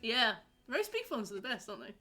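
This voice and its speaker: A woman's voice: a little high, very animated, a little fast, bright, forceful tone, faint music behind. A young woman chatting casually with her viewers while livestreaming a game, rambling and reacting to messages. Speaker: streamer. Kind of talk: casual live-stream chat while gaming.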